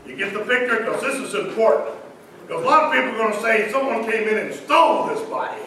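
High-voiced preacher in an echoey church. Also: male voice, lively intonation, fast. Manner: preaching with call-and-response, swinging loud and soft. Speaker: pastor. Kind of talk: sermon. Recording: echoey hall from a distance with noise.

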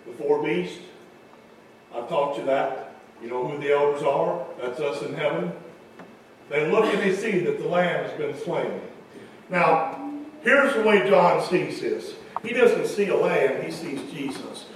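Man, pastor, folksy sermon, high voice, faint background noise. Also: unhurried. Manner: folksy preaching, talks with congregation members. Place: large church hall. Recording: echoey hall from far off.

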